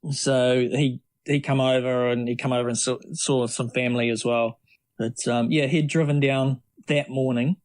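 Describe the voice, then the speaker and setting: A middle-aged man talks at a middling pitch. He tells casual, rambling anecdotes as an interview guest, often restarting his sentences. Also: flat delivery, moderate pace, a little mellow. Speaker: triathlete guest.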